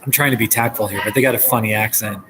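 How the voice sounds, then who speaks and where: A man's voice: lowish voice, fairly even intonation, fast, crowd noise, low-quality recording. Chatty man with a New Jersey accent. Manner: chatty, joking, reads viewer comments. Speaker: live streamer. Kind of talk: casual live-stream chat. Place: coffee shop.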